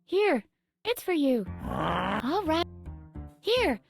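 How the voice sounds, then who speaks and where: Young asylum escapee, chirpy, high, bouncy, video game, faint music. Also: female voice, very animated, very slow, exaggerated voice. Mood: playful. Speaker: game protagonist.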